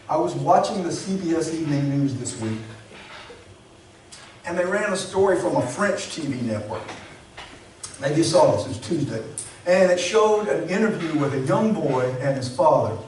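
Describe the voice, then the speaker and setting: A man pastor delivering a sermon in an earnest, measured storytelling manner with emphatic pauses. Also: a little high. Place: church sanctuary. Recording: very echoey hall, distant mic, faint hiss.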